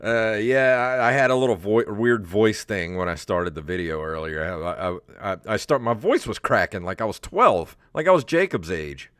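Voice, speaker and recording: A man's voice: fairly low pitch, expressive, moderate pace, hardly any pauses, a bit bright, smooth, no room sound, clean studio sound. A man co-hosting a comedy podcast, joking, stammering, laughing often. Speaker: podcast co-host. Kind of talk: casual comedy chat.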